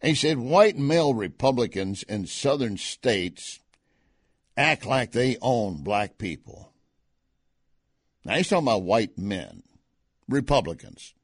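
A man at a close studio mic talks through political commentary in a conversational tone. His voice is mid-pitched and sits in a dry, close room. He leans into his points with emphasis, rising when he presses an argument. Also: big pitch swings, takes it slowly, long pauses, breathy edge, dry recording. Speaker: talk radio host.

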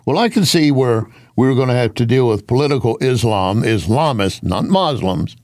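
A man's voice: mid-range voice, lively intonation, normal speed, darkish tone, no echo, clean studio sound. A man hosting a radio talk interview, chatting with his guest and cutting in to push back. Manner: conversational, interjects and pushes back.

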